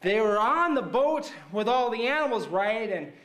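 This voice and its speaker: A man playing a mixed-up, excitable storyteller who retells Bible stories to kids, rambling and checking in with "right?" and "okay?". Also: high-pitched, moderate pace. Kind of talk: comic Bible story monologue.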